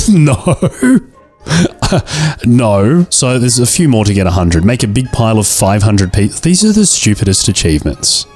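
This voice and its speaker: A man's voice: medium pitch, very animated, takes it slowly, darkish tone. A young man giving let's-play commentary, jokey and mock-dramatic about his own failures, with faint game music behind him. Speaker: gaming video creator.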